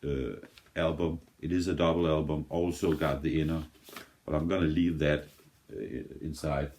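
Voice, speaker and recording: A man casually chatting while unboxing a vinyl record, rambling and correcting himself in a slow drawl, a little high. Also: fairly even intonation, darkish tone. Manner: rambling, stop-start, self-correcting. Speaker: music reaction vlogger.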